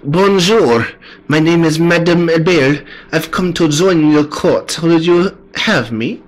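A man's voice: fairly high pitch, slow pace, voice pushed up. A man doing a mock French lady courtier. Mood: courtly.

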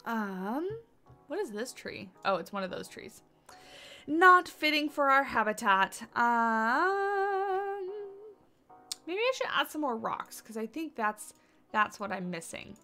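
A tired woman streaming a building game from her home setup, talking in a bright, airy voice. She chats freely and thinks out loud, greeting her viewers by name while she works. Soft music plays underneath. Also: a little high, very animated, takes it slowly. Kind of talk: casual livestream chat while building. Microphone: desk mic on boom arm.

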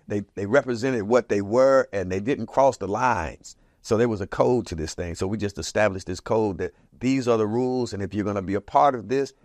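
Looking back on his Portland, Oregon community, a man in his seventies tells casual, spirited stories. Quoted speakers come alive through his big jumps in pitch and loudness. Clean studio sound, no room sound at all.

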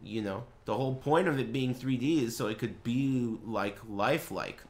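A young man live-streaming a game, chatting to viewers and swearing as he mock-rants and bursts into yelling at them. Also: medium pitch, moderate pace. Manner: profane, mock-ranting at chat, erupts into yelling. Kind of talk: live gaming stream commentary.

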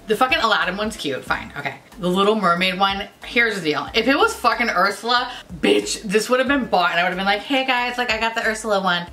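A woman's voice: mid-range voice, pushed and bright, a little hiss or hum. A woman beauty vlogger in casual, profane, bubbly chat reviewing makeup.

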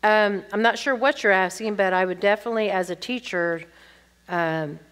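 A woman's voice: mid-range voice, normal speed, a bit bright. An older woman teaching, reading audience questions aloud and answering them candidly with chatty personal stories. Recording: long reverb from a hall.

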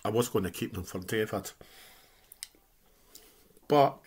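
A man's voice: on the low side, fairly even intonation, normal speed, slight background noise. Man chatting while eating, mouth full. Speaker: food reviewer. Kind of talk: casual food review vlog.

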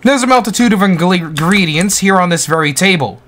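A man's voice: sits high, brisk. A young man casually walking viewers through a video game, rambling and goofy. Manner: goofy, rambling, excitable outbursts. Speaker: gaming YouTuber. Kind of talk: Roblox gameplay tutorial commentary.

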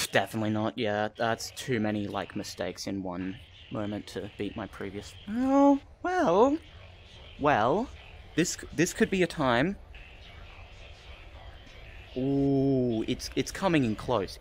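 A man streaming a speedrun, reacting out loud and criticizing his own play, swearing when things go wrong. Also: on the low side, vocal fry. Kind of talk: live speedrun commentary.

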